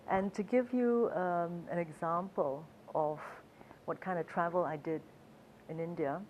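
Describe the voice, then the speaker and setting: A woman's voice: fairly low pitch, darkish tone, a little hiss or hum, low-quality recording. A woman who is a travel author, telling stories in a chatty, hesitant way with fillers and frequent laughs. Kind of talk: storytelling talk.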